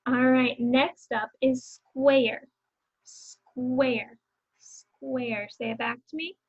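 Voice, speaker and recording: During a phonics lesson for young children, a young female teacher goes very slowly and carefully, drawing out each sound, repeating words for the kids to echo and cheering them on. Her voice is slightly high and husky, and the recording sounds a bit muffled and dull.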